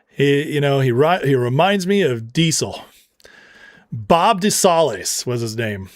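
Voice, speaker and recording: A man's voice: medium pitch, expressive, unhurried, no room sound, clean studio sound. A man hosting a political commentary show, ranting with heated scorn and slipping into storytelling asides. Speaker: show host.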